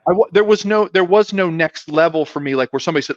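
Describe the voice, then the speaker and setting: A middle-aged man tells old stories in a loose, self-deprecating ramble, circling back and restarting as he goes. His voice sits a bit higher than typical, and the sound is muffled and dull. The room gives no echo at all. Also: quick pace, few pauses. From South Philadelphia, US. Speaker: guest, former pro football player. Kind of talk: casual storytelling interview.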